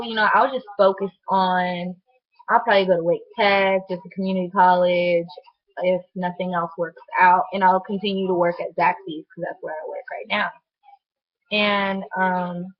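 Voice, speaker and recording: A young woman telling a personal story to camera in a chatty, animated way, full of "like" fillers. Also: lowish voice. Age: young adult. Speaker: vlogger. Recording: dull lo-fi sound.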